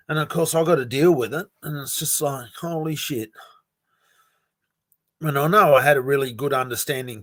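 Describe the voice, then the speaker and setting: A man's voice: mid-range voice, a bit bright, dry recording. A man chatting casually on a livestream about crypto, frank and rambling, with sighs, laughs and some swearing. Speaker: crypto project founder streaming to his community. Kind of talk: casual livestream chat, reading viewer comments.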